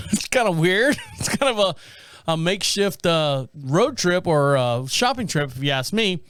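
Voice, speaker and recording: A middle-aged man with a high, smooth voice hosts his podcast and tells a long everyday story in a loose, rambling way. He acts out the people he met along the way. The sound is close and dry, with no room in it. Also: big pitch swings, a little slow, fairly bright tone, no room sound. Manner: rambling anecdotal delivery, acts out quoted people. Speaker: podcast host. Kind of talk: casual storytelling monologue.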